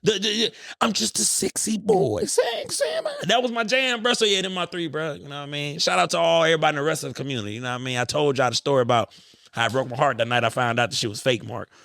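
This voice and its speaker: A man hosting a podcast, telling stories in an animated, profane way. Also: on the high side, rapid-fire, vocal fry, no echo. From United States. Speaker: podcast host. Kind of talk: casual podcast chat.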